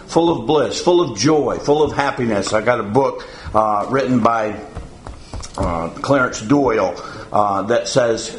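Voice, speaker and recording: A man preaching a sermon to his congregation in a folksy, halting way, often pausing on "uh" and chuckling. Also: mid-range voice, echoey room, a little hiss or hum, poor audio. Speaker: pastor.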